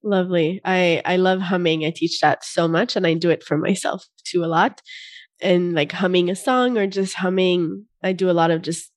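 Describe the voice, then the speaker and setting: A woman hosting a podcast interview, a yoga teacher who affirms her guest, sums up and asks calm questions. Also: fairly low pitch, normal speed, dry recording, clean studio sound.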